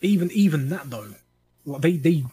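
A man's voice: fairly high pitch, lively intonation, normal speed, warm tone, slight background noise, rough recording. A man co-hosting a casual podcast chat, talking through monster matchups with frequent restarts and self-corrections. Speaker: podcast co-host.

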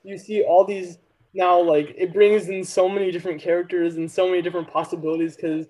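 A podcast co-host with a high-pitched, darkish, level voice explains things at length during a casual chat, speaking fairly quickly and rambling with lots of fillers. The sound comes through a dull lo-fi mic.

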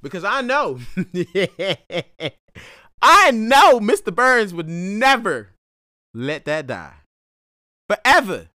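A man's voice: high voice, big pitch swings, extremely slow, pauses often, pushed and bright, dry recording, studio quality. A man telling a rambling story in a laid-back casual monologue, full of slang and restarts. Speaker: vlogger.

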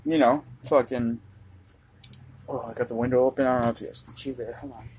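Husky-voiced young man rambling on a podcast. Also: mid-range voice, steady tone, brisk, a little mellow, low-quality recording. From Minnesota. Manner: rambling, profane, laid-back. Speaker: podcast host. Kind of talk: casual solo podcast monologue. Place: dark room at home with a fan running.

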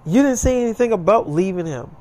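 A man's voice: high voice, lively intonation, quick pace, pitched above the performer's own voice. A man putting on a sarcastic jealous ex. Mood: scornful. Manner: sharp, sarcastic, cursing. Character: scornful young woman, jealous ex.

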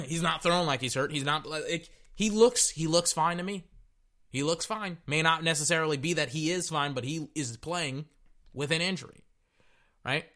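A man's voice: a little high, pushed and bright. A man hosting a podcast, reacting to a game in a blunt, profane, repetitive rant. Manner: blunt, profane, repeats himself. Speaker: podcast host. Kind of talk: casual sports reaction rant.

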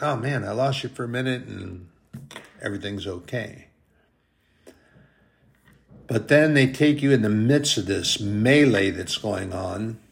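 A man preaching a sermon, slow and deliberate, drawing out his emphatic phrases. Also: lowish voice, gravelly, fairly bright tone.

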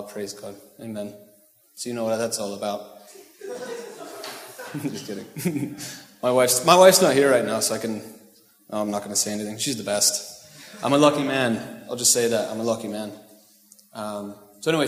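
A male pastor giving a casual, joking sermon, often checking in with the congregation. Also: mid-range voice. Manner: casual, joking asides, asks the crowd "right?". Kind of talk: conversational sermon. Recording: echoey hall with long reverb.

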